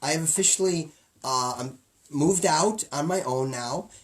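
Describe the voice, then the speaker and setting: A middle-aged man co-hosting a casual comedy podcast, jokey and rambling, jumping from loud bits to low mumbles. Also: a little slow. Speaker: podcast co-host.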